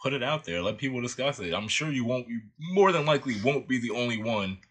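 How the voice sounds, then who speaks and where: A man co-hosting a sports podcast in casual chat, easygoing and quick to laugh, with a husky voice. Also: mid-range voice, expressive, fairly bright tone. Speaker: podcast co-host.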